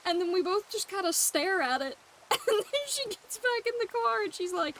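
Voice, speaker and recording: A woman's voice: very high voice, animated, normal speed, fairly bright tone, a little hiss or hum. A young woman streaming a game and telling a childhood story in a casual, chatty way, often laughing as she talks. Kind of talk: casual storytelling while gaming.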